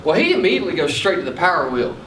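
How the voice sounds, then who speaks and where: A man telling a folksy story as a sales trainer to an audience, animated, with many restarts. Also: sits high, very fast. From Mississippi, USA. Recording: echoey room from a distance.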